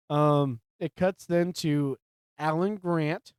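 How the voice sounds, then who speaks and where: Jokey podcast guy laughing thru a film recap, kinda high clear voice. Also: drawn-out words, dry recording. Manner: laughs often, playful quips. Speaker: movie podcast co-host. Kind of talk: casual film recap chat.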